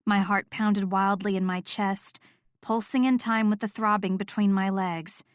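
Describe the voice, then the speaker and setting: A woman's voice: mid-range voice, fairly even intonation, a little slow, smooth, dry recording. Woman narrating an audiobook in a dry, close voice. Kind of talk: scripted first-person audiobook narration.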